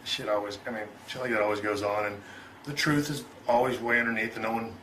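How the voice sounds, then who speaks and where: A man's voice: fairly low pitch, fairly even intonation, fast talker, sharp tone, a little hiss or hum, poor audio. A middle-aged man telling a story in an interview, loose and profane, chuckling and acting out both sides of an argument. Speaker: interview guest.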